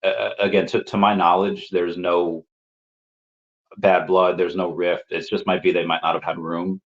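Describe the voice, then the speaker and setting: A man's voice: low-pitched, little pitch movement, normal speed. A man hosting a casual live stream who reads chat messages aloud, rambles with repeated words and laughs often, and coughs while getting over an illness. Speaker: livestream host answering chat. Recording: dull lo-fi stream audio.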